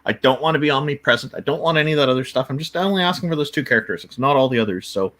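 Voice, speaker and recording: A man's voice: medium pitch, very fast, a bit bright. A man co-hosting a casual livestream chat, explaining his point earnestly and at length. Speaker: co-host.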